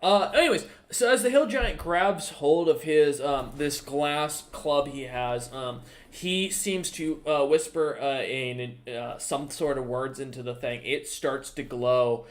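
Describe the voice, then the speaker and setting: Man, dungeon master, slightly high voice, casual, swears, lots of ums and uhs. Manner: casual, profane, halting with many ums and uhs. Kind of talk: running an online tabletop game.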